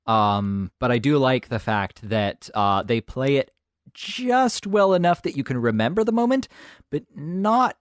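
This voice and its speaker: A man co-hosting a review podcast, his voice rising and falling all over the place as he jokes along. His mid-pitched voice sounds close and dry, with no room sound at all. He talks casually, playful and loose. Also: a little slow, smooth, dry recording. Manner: animated, playful, slips into mock voices. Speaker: podcast co-host. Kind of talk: casual anime review chat.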